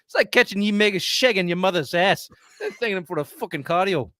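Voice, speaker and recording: A foul-mouthed Scottish sports ranter, put on by a man in a shaky accent that drifts Irish and French. He barrels through insults with a forceful, bright voice. The sound is dry and close. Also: high-pitched, animated, dry recording, pitched above the performer's own voice. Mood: ranting. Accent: mock Scottish, drifting Irish and French. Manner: loud, profane, rapid comic rant.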